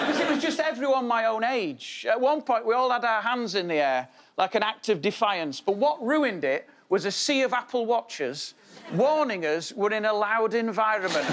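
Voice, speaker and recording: A man in his forties doing a wry, self-deprecating stand-up set in a studio with a live audience. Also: extremely high pitch. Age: 40s. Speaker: comedian. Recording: loud studio crowd and noise.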